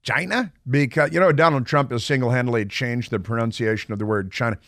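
Male radio host, mid-pitched, sardonic and mocking, close dry studio sound. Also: steady tone, quick pace, fairly bright tone, dry recording. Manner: sarcastic, mocking asides. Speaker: radio talk show host. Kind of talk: talk radio monologue. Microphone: studio microphone.

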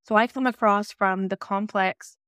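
A woman's voice: medium pitch, fairly even intonation, moderate pace, a bit bright, smooth, no room sound, clean studio sound. Candid woman telling a personal story. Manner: candid and personal, acting out remembered dialogue. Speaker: podcast co-host. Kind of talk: casual conversational storytelling.

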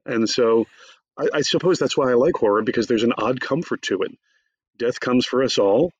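A male theater professor and author is a guest in a conversational interview, talking at normal speed in a mid-range voice with a breathy edge. He is wry, chatty and an animated storyteller. The close, dry mic leaves no room sound, and the audio is a bit dull and lo-fi.

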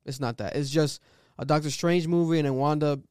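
A young man talks fast and loose in a casual podcast chat, piling on fillers as he builds a story. His voice sits a little high and sounds smooth and clear. It is close-miked and dry, with no room sound. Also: fairly even intonation, a little mellow, no room sound. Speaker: podcast co-host.

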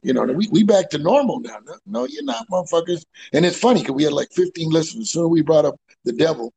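A man hosts a loose comedy call-in podcast, talking from outdoors. His voice is gravelly and a bit husky, and his pitch swings widely. He stammers and repeats himself and bursts into loud laughs. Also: animated, quick pace, rough recording. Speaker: podcast host. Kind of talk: casual comedy chat.

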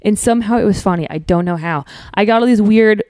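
A woman's voice: mid-range voice, quick pace, darkish tone, no echo, clean studio sound. A young woman from Minnesota, a comedian guesting on a podcast, talking candidly and swearing freely. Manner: candid, swears freely, acts out quotes in a raised voice. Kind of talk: casual chat.

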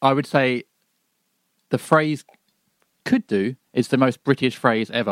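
A man's voice: medium pitch, normal speed, pauses often, fairly bright tone, no room sound. A man co-hosting a podcast, chipping in with casual, wry asides and short agreements. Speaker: podcast co-host. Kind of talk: casual chat.

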